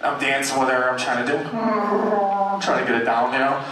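A man doing a stand-up comedy set in a club, rambling with lots of fillers and shrill put-on voices for the people he quotes. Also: expressive, normal speed, fairly bright tone, far from the mic. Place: comedy club stage with audience. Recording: very echoey club audio from afar. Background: audience laughter and room ambience.

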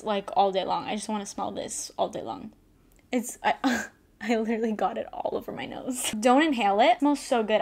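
A young woman in a casual unboxing vlog, gushing and excited, with lots of "like" fillers. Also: a little high. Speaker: beauty vlogger.

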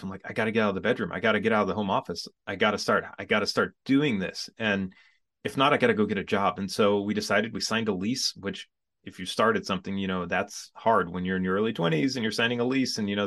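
A man in his forties with a lowish voice tells his story as a podcast guest. He speaks casually and with energy, and now and then acts out how he reacted back then. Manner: animated storyteller who acts out his own past reactions. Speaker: podcast guest, business coach.

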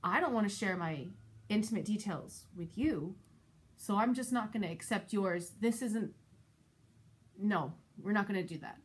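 A woman vlogger and mother telling a personal story in a casual, animated, exasperated way. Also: moderate pace, slightly rough. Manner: animated, exasperated retelling with shifting pitch. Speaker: parent of school-age kids.

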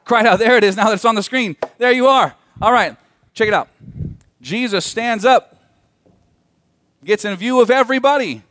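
Male pastor, fairly high voice, lively sermon delivery with questions to the room, dry close mic. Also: dry recording. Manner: animated preaching, asks the congregation questions. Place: church sanctuary.

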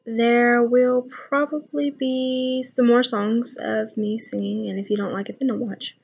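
A woman's voice: on the high side, little pitch movement, unhurried, gravelly, darkish tone, highs cut off. A young woman chatting casually on her own vlog, rambling through funny stories about kids and laughing as she goes. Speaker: channel owner.

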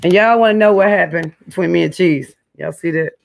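A woman's voice: fairly low pitch, a little fast, vocal fry. A woman chatting casually to her viewers from home on a hot day. She rambles from one thing to the next and keeps calling the audience y'all. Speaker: vlogger.

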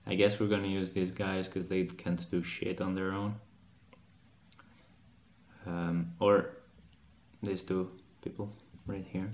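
A man hosting a gaming channel, giving casual gameplay commentary, profane and swearing freely, with animated outbursts of mock anger. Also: low voice, a little slow, pauses often, roomy sound.

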